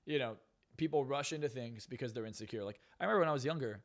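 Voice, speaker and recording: A man's voice: mid-range voice, fast. A man on a podcast talking bluntly and profanely, ranting with strong opinions. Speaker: podcast guest. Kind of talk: casual podcast talk.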